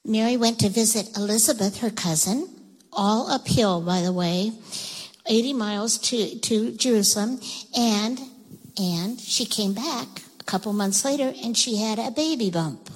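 A woman telling a Bible story to children in church, animated and coaxing, asking them questions as she goes. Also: on the high side, unhurried, big-room sound, poor audio. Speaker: children's minister. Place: church sanctuary.

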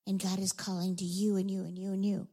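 Animated woman telling a children's Bible story. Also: medium pitch, quick pace, low-quality recording. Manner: animated, asks the children questions. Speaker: children's sermon leader.

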